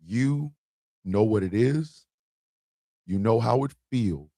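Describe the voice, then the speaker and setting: A man hosting a morning show, delivering a profane, impassioned rant that swings from hushed pleading to shouting. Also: mid-range voice, lively intonation, slow, pauses often, dry recording. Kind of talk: ranting monologue.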